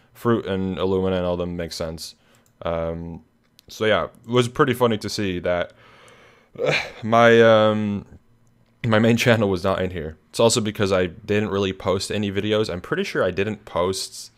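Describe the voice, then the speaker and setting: A young man hosting a casual recap of his channel, tired and yawning, rambling with lots of fillers and restarts. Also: deep voice. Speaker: channel host. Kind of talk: casual screen-share recap.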